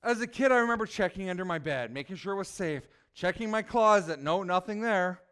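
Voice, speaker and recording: A man with a high, smooth voice preaches a sermon. He keeps it lively and asks his listeners questions. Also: brisk. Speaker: children's preacher.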